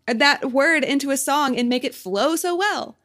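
A woman's voice: high voice, a little slow, a bit bright. Woman, thirties, podcast co-host, giggly and chatty, loose casual delivery. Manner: giggly, chatty, trails off with fillers. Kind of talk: casual chat.

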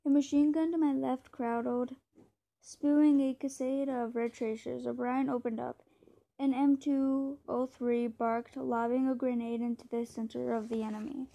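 Female reader for a war novel, steady, slightly high, mellow and flat. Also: a little slow, creaky, poor audio. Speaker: book reader. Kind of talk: reading a war novel aloud.

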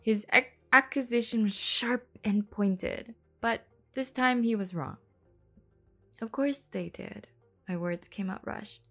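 A woman's voice: mid-range voice, measured pace, hardly any pauses. A woman reading a romance novel aloud for her podcast, laughing often and breaking off for chatty asides, sometimes dropping to a whisper. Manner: giggly, breaks off to comment and laugh; drops to a whisper for hushed passages. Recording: soft background music under the voice.

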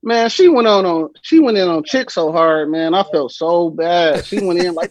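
A young man telling a funny story on a podcast, animated, slangy and laughing often. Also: sits high, normal speed, few pauses, a crowd in the background, low-quality recording. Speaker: podcast guest. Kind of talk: casual storytelling.

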